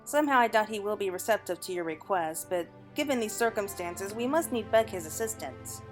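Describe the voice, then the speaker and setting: A woman reading the lines of a calm, blind retired mercenary who is now a male wine connoisseur in a video game, speaking in a measured, refined way. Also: medium pitch, soft background music, natural voice.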